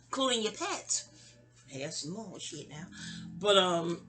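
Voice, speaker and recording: A woman's voice: lowish voice, sing-song, unhurried, bright, forceful tone. A middle-aged woman with a New York accent, telling a personal story in a rambling, digressive way full of fillers and restarts. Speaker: vlogger telling a memoir story. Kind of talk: casual rambling storytelling monologue.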